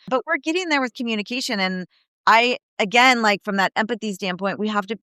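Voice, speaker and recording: A woman guest on a podcast, speaking casually and telling animated stories, acting out the people she quotes, with frequent "you know, like" fillers. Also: on the high side, a little fast, smooth, dry recording, studio quality. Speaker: guest, disability advocate and speaker.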